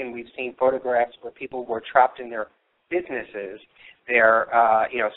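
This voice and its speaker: A man hosting a live paranormal investigation broadcast, telling local history in a rambling way with many fillers, his voice a little worn. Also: mid-range voice. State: losing his voice. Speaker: paranormal radio show host. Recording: tinny phone-line sound.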